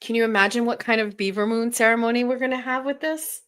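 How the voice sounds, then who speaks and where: A woman hosts a casual livestream and chats to her viewers as she goes. She is excitable and swears freely, and her voice sits a little high. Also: quick pace, smooth. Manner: excitable, swears often, laughs and gasps. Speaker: livestream host. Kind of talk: casual livestream chat, opening gifts.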